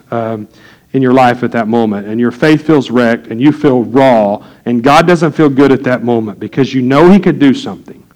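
A man's voice: mid-range voice, rough recording. A man preaching a sermon from the pulpit in a conversational way, with frequent fillers and light jokes to the congregation. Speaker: pastor.

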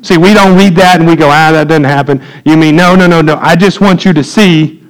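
A man, preaching a sermon in a church, swinging from loud emphatic peaks to low quiet asides. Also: steady tone, a little fast, low-quality recording. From United States. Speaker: pastor. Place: church sanctuary.

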